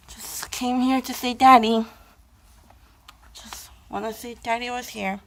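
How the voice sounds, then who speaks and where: A young woman vlogging at home on a handheld phone, chatting to her baby in a playful voice that jumps to high squeals, sounding dizzy and unwell. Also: steady tone, normal speed. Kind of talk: casual home vlog talking to her baby. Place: home room indoors. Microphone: handheld phone camera.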